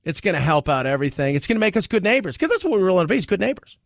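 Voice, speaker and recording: Gravelly joking talk radio host. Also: male voice, high voice, very fast, no room sound, studio quality. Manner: joking, animated, laughs often. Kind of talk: casual talk radio monologue.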